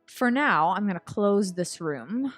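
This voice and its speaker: A woman's voice: mid-range voice, expressive, unhurried, no echo, faint music behind. A woman playing a tabletop game, chatting playfully and giggling between moves. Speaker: player.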